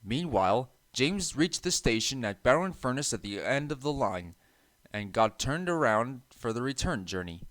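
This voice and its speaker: Soft-spoken man reading a storybook. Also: mid-range voice, normal speed, dry recording. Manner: soft and even, occasional restarts. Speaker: narrator. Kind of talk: storybook narration.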